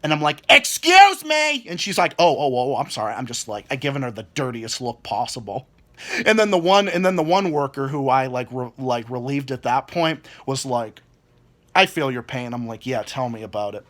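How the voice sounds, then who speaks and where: A vlogger in his twenties rants furiously about the people at his job, cursing nonstop and tripping over repeated words. His mid-range voice is animated and a little bright, moving at a moderate pace.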